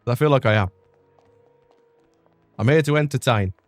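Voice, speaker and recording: A man's voice: medium pitch, moderate pace, no room sound, soft background music. A young man streaming a video game, chatting casually, self-mocking and full of fillers. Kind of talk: casual chat over gameplay.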